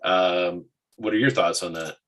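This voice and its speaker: A man hosting a casual market talk show, animated and quick to restart his sentences. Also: sits low, low-quality recording.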